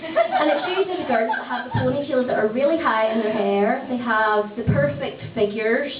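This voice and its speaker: A woman's voice: on the high side, moderate pace, a little hiss or hum. A woman in her thirties with a Northern Irish accent doing a chatty, brash stand-up set, swearing freely and laughing often. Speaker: stand-up comedian. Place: small comedy club stage. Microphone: handheld stage mic. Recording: tinny, distant, echoey club recording.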